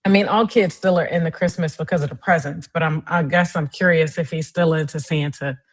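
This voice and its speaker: A young adult woman hosting a casual live stream, chatting directly to her viewers in a lively way. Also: fairly quick. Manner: lively, swings up high in pitch.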